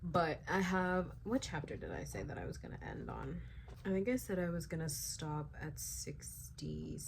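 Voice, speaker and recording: A young woman with a low-pitched voice talks casually on her reading vlog, reacting in animated rants peppered with "like" and swearing. A faint hum of room noise sits under her voice. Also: normal speed, creaky. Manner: animated, ranting reactions with frequent "like" fillers and swearing. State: sleepy late at night. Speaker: book vlogger.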